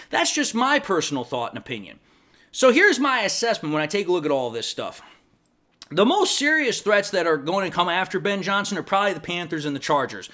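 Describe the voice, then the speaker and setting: High-voiced chatty man giving football takes. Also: pushed and bright. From Detroit Lions fan. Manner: chatty, opinionated, trips over words. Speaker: sports fan channel host. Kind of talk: casual sports commentary vlog.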